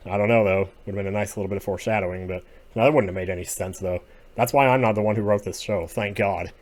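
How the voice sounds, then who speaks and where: A man giving casual solo commentary as he ranks TV episodes, rambling and opinionated, drifting between quiet muttering and sudden outbursts. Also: on the low side, fairly even intonation, fast. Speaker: video creator ranking TV episodes.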